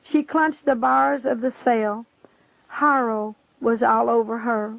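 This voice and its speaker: A woman's voice: a little high, fairly even intonation, slow pace, vocal fry, no room sound. A woman reading a religious testimony aloud with earnest, dramatic narration. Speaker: reader. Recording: tinny phone-like line, dry.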